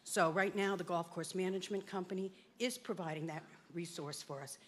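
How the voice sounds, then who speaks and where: A woman's voice: lowish voice, fairly even intonation, a little fast. A woman on a town open space commission giving an earnest public comment at a town meeting, her voice a little shaky with emotion.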